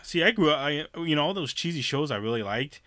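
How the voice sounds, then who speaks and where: A man's voice: on the high side, lively intonation, fast, bright, forceful tone, no echo, clean studio sound. A man, chatting casually about TV shows, rambling, swearing and laughing often.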